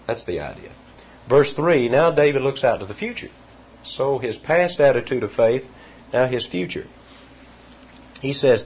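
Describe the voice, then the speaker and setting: A man's voice: lowish voice, a little mellow, lo-fi sound, a little hiss or hum. A man preaching an expository sermon, teaching verse by verse with emphatic repetitions.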